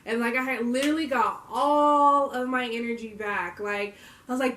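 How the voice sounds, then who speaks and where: A woman's voice: fairly high pitch, moderate pace, a bit bright, recorded from a distance. A young adult woman vlogging, telling a story to camera in a casual, slangy way and laughing often. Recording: roomy echo.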